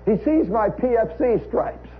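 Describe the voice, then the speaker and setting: Speaking a little slowly in a very high voice with lively intonation, an American man tells a funny story on a live radio program. He keeps it wry and conversational, frequently tossing in "you know." It's a tinny 1960s radio recording with a faint hiss.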